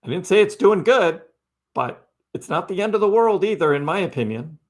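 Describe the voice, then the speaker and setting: Male livestream host, slightly high pitch, casual and repetitive, keeps asking "right?", argues with chat. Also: lively intonation, normal speed. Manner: chatty, repeats phrases, peppers with "right?"; talks back to chat commenters.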